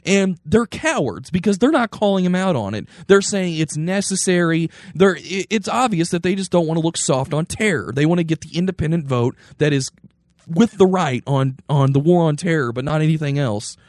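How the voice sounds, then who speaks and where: Young man, casual podcast co-host, mid pitch, dry close mic, animated and rambling. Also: moderate pace, no echo. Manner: animated, rambling with restarts, mocking impressions. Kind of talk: casual political chat.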